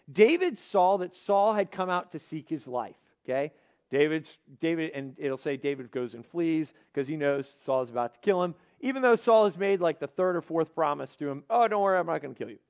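Young guy youth pastor, high voice, chatty and animated, asks the group stuff mid-sermon. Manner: lively, conversational, asks the audience questions.

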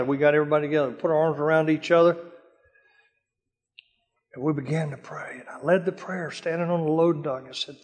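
An older man giving a dramatic sermon-style testimony, telling stories from his past with a hushed voice during the prayers. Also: on the high side, fairly even intonation, brisk. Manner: dramatic storytelling, drops to a hush for prayers. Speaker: speaker telling war stories. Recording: long hall reverb.

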